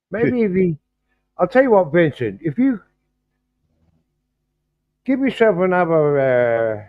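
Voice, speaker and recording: Man, livestream host, halting, distracted, lively pitch, slow talker, tinny phone-like sound. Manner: halting and distracted, many restarts while fiddling with stream settings. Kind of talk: casual livestream chat. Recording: thin phone-like video-call audio.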